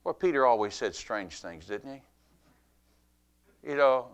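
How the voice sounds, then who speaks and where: A middle-aged preacher from Alabama speaks. He tells the story in a homey, folksy way. His voice climbs loud for emphasis, then sinks to a near hush. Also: medium pitch, measured pace, pauses often. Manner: animated, folksy, swings between loud and hushed. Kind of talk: sermon.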